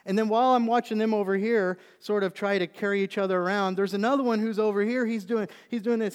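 A middle-aged man, a pastor preaching a sermon, telling a story and then building into animated emphasis. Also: high voice, fast, hardly any pauses, smooth. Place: church sanctuary. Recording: long reverb of a church hall.

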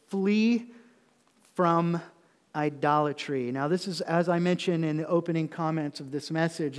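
A man's voice: a little high, in a large hall. A man preaching a conversational sermon to his congregation in a church, his voice rising in emphatic peaks. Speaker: pastor. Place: church sanctuary.

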